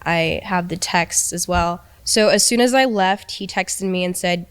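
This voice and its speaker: A young woman recounting a painful personal experience in a halting, hesitant way, with many restarts. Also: on the low side, steady tone, clear, resonant tone. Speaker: person telling her story in an interview. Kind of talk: emotional personal account.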